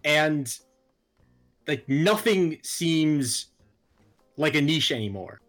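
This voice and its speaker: A man's voice: a little high, soft background music. A man chatting casually about anime, jokey and argumentative, swearing often. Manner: animated, jokey, swearing, quick to argue.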